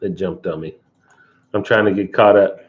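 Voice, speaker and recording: A man with a fairly low voice hosts a loose live chat and answers viewers' comments in an easygoing way. The sound is dull and lo-fi. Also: normal speed. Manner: relaxed, reads viewer comments aloud and answers them. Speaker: livestream host. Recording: dull lo-fi livestream audio.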